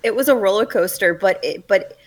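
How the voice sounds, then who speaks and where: A woman co-hosting a podcast in relaxed, unscripted chat. She rambles, gushes and restarts her sentences, filling them with little fillers. Her voice sits at an ordinary middle pitch. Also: brisk. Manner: gushing, rambling with many fillers. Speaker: podcast co-host. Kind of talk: casual chat.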